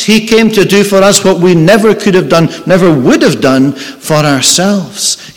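A man's voice: on the high side, fairly bright tone. A man preaching a sermon, earnest and emphatic, repeating his key phrases. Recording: long reverb in a large hall.

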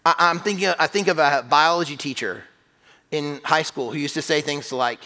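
A man preaching in a church, his voice bright and forceful and fairly high for a man. He talks in a conversational, emphatic way, often restarting a phrase. His words ring out with a long reverb around them. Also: moderate pace. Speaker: pastor. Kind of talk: sermon. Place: church sanctuary.

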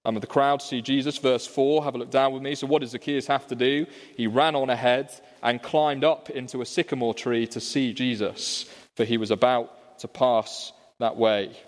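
A man's voice: medium pitch, big-room sound. A man preaching a conversational sermon, explaining a passage and often asking the congregation rhetorical questions. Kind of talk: expository sermon. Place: church.

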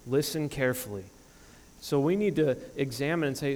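A man's voice: mid-range voice, normal speed, darkish tone. Man in his thirties, pastor, emphatic sermon delivery, church hall echo. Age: 30s. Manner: earnest, emphatic preaching with frequent restarts. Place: church sanctuary.

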